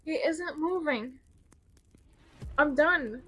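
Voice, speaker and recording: High-voiced woman reading a visual novel. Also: drawn-out words, fairly bright tone. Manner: dramatic reading mixed with joking commentary. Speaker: gaming YouTuber.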